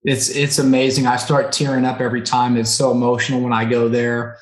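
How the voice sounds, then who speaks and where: A man's voice: medium pitch, little pitch movement, a little fast. A man in his thirties, a podcast guest telling a personal story in an earnest, emotional way, often checking in with "right?" and "okay?". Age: 30s. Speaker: podcast guest, recovery center co-owner. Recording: roomy echo on the voice.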